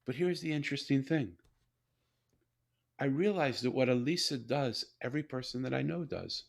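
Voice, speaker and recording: An older man telling a personal story in a conversational interview, animated and repeating words as he builds his point. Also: mid-range voice, moderate pace, vocal fry. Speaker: guest, author and CEO.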